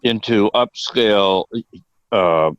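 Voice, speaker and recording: A man's voice: lowish voice, slow pace, clean tone, no echo. An older man as a podcast guest, telling rambling, profane anecdotes and laughing often. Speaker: guest actor. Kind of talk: casual storytelling. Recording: dull, dry sound.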